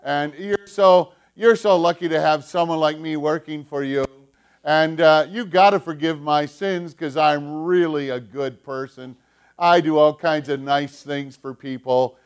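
A man's voice: on the high side, a little slow, smooth, close to an everyday voice. A man voicing an arrogant, self-satisfied priest who brags to God in a pompous, boastful way. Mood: smug.

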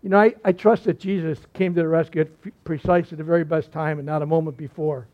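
A man's voice: a little high, steady tone, quick pace. A male pastor preaching a sermon, telling stories in a folksy way with repeated phrases and asides. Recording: slightly muffled recording.

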